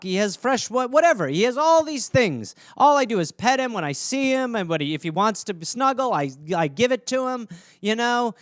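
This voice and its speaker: A man hosting a podcast on his own, chatting casually in a rambling, joking way and sometimes putting on quick squeaky voices. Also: fairly bright tone, smooth, dry recording, clean studio sound. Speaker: podcast host. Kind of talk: casual solo podcast chat.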